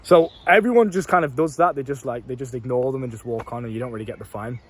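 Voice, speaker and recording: A man's voice: medium pitch, quick pace. A young man talking bluntly to camera, telling stories and swearing freely as he gives dating advice. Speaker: dating coach vlogger. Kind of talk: casual monologue to camera.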